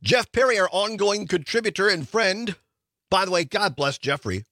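A man's voice: sits high, lively intonation, normal speed, sharp tone, no room sound. A middle-aged man from Wisconsin, hosting a talk radio and streaming show in a studio, chatting enthusiastically and rambling with restarts.

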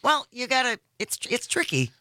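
A woman's voice: fairly high pitch, very animated, moderate pace, bright, forceful tone, no room sound. A woman, a radio co-host, explaining something step by step in casual studio chat. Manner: explaining a demonstration.

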